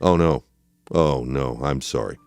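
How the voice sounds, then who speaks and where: A man voicing a weary, patient judge who speaks calmly and deadpan, in a dramatic reading of a trial transcript. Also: measured pace, creaky, clear, resonant tone, dry recording, exaggerated voice. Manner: calm, deadpan, low-key.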